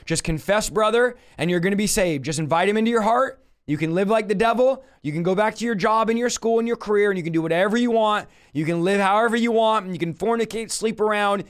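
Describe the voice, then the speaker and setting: A man voicing a smooth, soft-spoken complacent pastor in a mocking churchy tone. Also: high-pitched, fast talker, few pauses, close to an everyday voice. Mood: mock-soothing.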